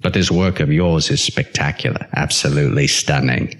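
A man putting on an impression of a famous older actor, speaking in a slow, deliberate and faintly menacing way. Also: a bass voice, a bit bright, voice pushed down. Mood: menacing calm.

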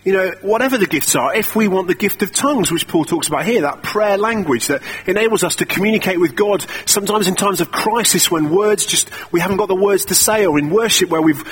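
A man's voice: high voice, brisk, few pauses, a bit bright, breathy edge. A young man preaching a sermon in a conversational, self-deprecating storytelling way.

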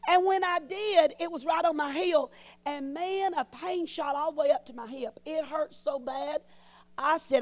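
A woman's voice: sits high, no room sound. A woman preacher, telling a folksy testimony in a sermon and acting out the voices of people in her story.

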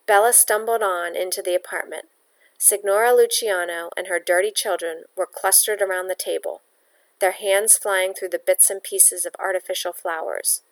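A woman reading a novel aloud in a steady, plain storytelling voice. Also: fairly low pitch, moderate pace. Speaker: audiobook reader.

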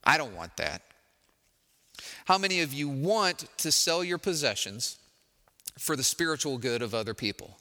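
A man's voice: medium pitch, big pitch swings, moderate pace, long pauses, sharp tone, big-room sound. A man preaching a sermon in a conversational, wry way, acting out the people he quotes. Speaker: pastor.

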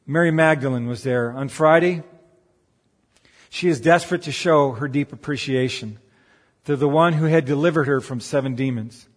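A man delivering a sermon, swinging from emphatic raised peaks to quiet, earnest asides. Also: mid-range voice, normal speed, big-room sound. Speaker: pastor.

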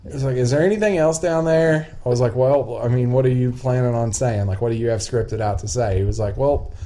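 Mellow-voiced man telling a story. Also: medium pitch, level tone, quick pace. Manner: rambling storyteller, quotes others. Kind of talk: casual chat.

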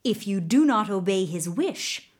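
A woman voicing a dishonest, scheming male governor in a storybook reading, in a low, muttering, menacing tone. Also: expressive, unhurried, darkish tone. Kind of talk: storybook narration.

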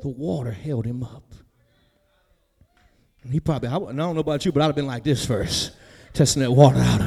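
A pastor preaching a sermon in a folksy, conversational way, building to near-shouts and then dropping soft. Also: male voice, mid-range voice, fairly quick, gravelly, pauses often, breathy edge, big-room sound. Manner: folksy, conversational, talks straight to the congregation. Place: church sanctuary.

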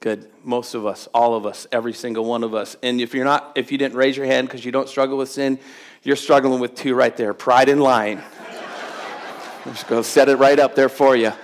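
A man's voice: medium pitch, flat delivery, moderate pace. A middle-aged man preaching a sermon to his congregation, chatty and humorous, building to emphatic exhortation. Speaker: pastor. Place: church sanctuary with congregation.

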